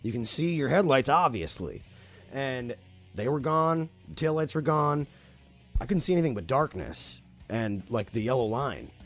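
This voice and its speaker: A man's voice: mid-range voice, expressive, moderate pace, fairly bright tone, soft background music. A man casually telling a spooky story on a podcast, swearing freely and talking animatedly.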